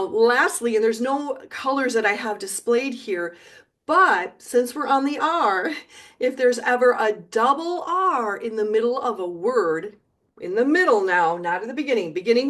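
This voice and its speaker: Slow, encouraging woman teaching a lesson. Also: a little high, lively intonation, fairly bright tone. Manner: encouraging, repeats words slowly for learners; sings along now and then. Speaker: Spanish teacher. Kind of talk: video lesson.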